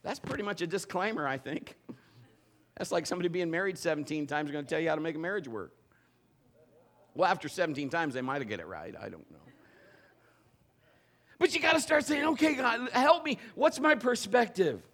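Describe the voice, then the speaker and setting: A middle-aged man who pastors a church gives a humorous, story-filled sermon, acting out quotes in an animated, joking way. His pitch is fairly high and his pace a little fast, broken by long pauses.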